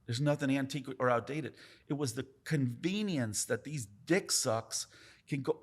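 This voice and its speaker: Emphatic, profane tattoo veteran. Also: male voice, medium pitch, moderate pace. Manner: profane, emphatic, talks with his hands about craft. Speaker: tattoo artist guest. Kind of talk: casual podcast storytelling.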